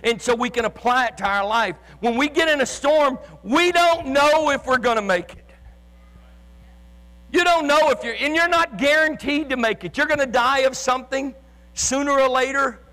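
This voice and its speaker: A man preaching with fervor in a very high, piercing voice, often rising to a shout and tripping over repeated words as he pushes on. His sermon carries a long reverb, as if it fills a large church sanctuary. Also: normal speed. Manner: impassioned preaching, often shouting, with stammered restarts. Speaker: pastor. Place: church sanctuary with live and online congregation.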